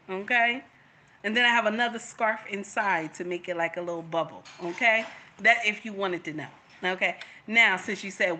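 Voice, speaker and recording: A woman with a bright, forceful voice reacts to a video in casual commentary. She is animated, repeats her points, and talks directly to her viewers. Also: mid-range voice, normal speed, a little hiss or hum.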